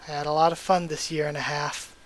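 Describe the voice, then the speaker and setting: A man voicing a weary, guilt-ridden adult male survivor, with a quiet, resigned reading voice. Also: fairly high pitch, flat delivery, fast talker, a little hiss or hum, close to an everyday voice, low-quality recording. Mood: wistful.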